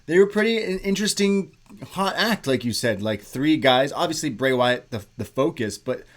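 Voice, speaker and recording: A man's voice: medium pitch, lively intonation, moderate pace. A man co-hosting a casual wrestling podcast, rambling with lots of "like" fillers. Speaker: podcast co-host.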